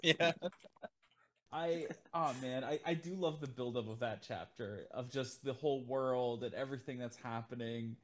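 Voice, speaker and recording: A man co-hosting a fan podcast, chatting in an animated way with frequent laughs and acted-out quotes. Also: mid-range voice, a little slow. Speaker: podcast co-host. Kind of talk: casual podcast chat.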